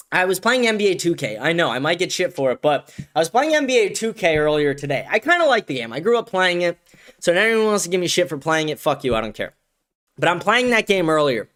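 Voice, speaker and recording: A man's voice: high voice, big pitch swings, fairly quick, fairly bright tone. A man hosting a solo commentary show, ranting heatedly with lots of swearing and stumbling restarts. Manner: heated, profane, repeats words when starting sentences. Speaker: show host.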